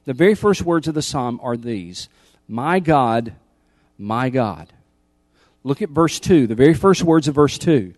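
A man preaching a sermon as pastor, emphatic, repeating key lines and swinging from loud appeals to hushed intensity. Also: mid-range voice, animated, unhurried, dry recording, faint music behind.

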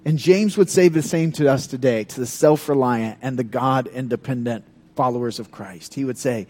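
A man preaching a sermon in a conversational, animated way, breaking into dramatic scripture readings. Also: medium pitch, normal speed. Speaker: pastor.

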